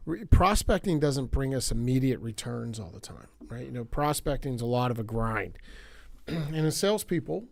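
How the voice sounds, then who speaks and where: A man's voice: medium pitch, sing-song, moderate pace, vocal fry, a little mellow, no echo. A middle-aged man, a sales guest in a casual business chat who tells stories. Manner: storytelling, acts out quoted voices.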